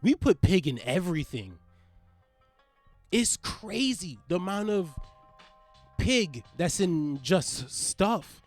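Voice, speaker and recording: This podcast host, a young man, speaks slowly with long pauses, yet is very animated, lurching between loud and quiet, high and low. His monologue is loose, comedic and full of profanity, and faint music sits behind him.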